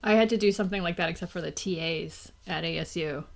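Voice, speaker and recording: A woman's voice: on the low side, fast, vocal fry. Chatty woman telling an anecdote. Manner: chatty, anecdotal, trails off softly. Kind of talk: podcast conversation.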